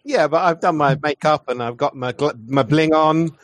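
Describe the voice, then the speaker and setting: A man's voice: fairly high pitch, normal speed. A man playing a character in an online tabletop game, playful and joking. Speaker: player.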